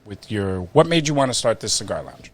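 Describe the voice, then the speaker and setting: An upbeat man hosts a casual podcast, often breaking into laughter. His pitch moves around a lot as he introduces his guests. He sounds cheerful and easygoing. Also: big pitch swings, a little fast. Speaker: podcast host. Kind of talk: casual chat. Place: cigar lounge.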